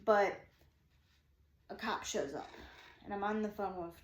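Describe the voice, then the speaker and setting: A woman's voice: mid-range voice, unhurried, reverberant, slight background noise. A woman telling a story from her day casually, rambling with many restarts and acting out what people said. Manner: rambling, full of "I'm like" and restarts; excitable, acting out quoted dialogue. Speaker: vlogger recounting her day.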